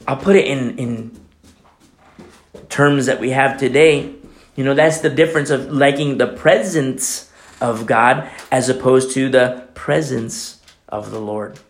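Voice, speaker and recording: A man preaching a sermon, animated, acting out little dialogues as he teaches. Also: mid-range voice, measured pace. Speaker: pastor.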